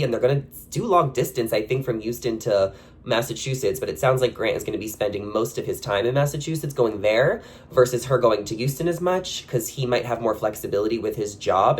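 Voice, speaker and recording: A man hosting a reality TV commentary channel, talking casually and gossipily with lots of "like" fillers and sudden jumps in pitch on his questions. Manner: chatty and gossipy, with frequent "like" fillers. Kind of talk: casual opinion commentary to camera.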